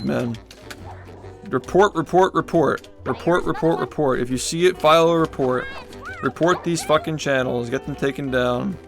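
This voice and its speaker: Streaming from his home, a man with a medium-pitched, slightly bright voice launches into an angry livestream rant. He curses a lot as he goes after those who harass him.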